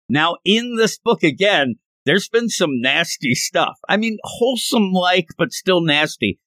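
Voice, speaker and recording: A man hosting a podcast, walking through a comic chapter with amused commentary. His pitch swings widely as he talks. The recording is dry and close. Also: a little slow, few pauses, dry recording. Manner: animated, chatty, amused. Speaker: podcast host. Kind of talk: manga reading and commentary.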